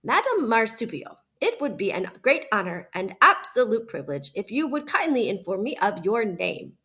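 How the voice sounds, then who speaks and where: A gentle female robot who speaks in stiff, overly formal sentences, as a woman reading a storybook puts her on. Her wording is careful and precise, with a slightly lowered pitch. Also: lively intonation, normal speed, breathy edge, heavily acted. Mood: stilted. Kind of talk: read-aloud storybook.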